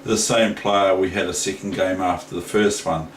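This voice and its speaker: A man's voice: sits low, steady tone, normal speed. A man with a New Zealand accent giving a casual chess lesson, rambling and hesitant. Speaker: chess teacher. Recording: echoey room, faint noise.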